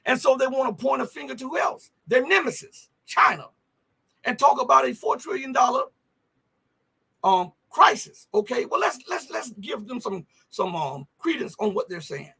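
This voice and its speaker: Hosting a live news commentary stream, a man talks emphatically in an extremely high, sing-song voice that is pushed, bright, and husky, with vocal fry. He speaks at normal speed with barely any pauses, firing off rhetorical questions and often tacking on "okay?" and "right?".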